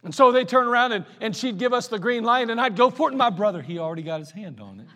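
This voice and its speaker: A male pastor preaching a folksy sermon, telling stories and swinging from loud to quiet. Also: very high voice, big pitch swings, quick pace. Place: church sanctuary. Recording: long hall reverb in a church.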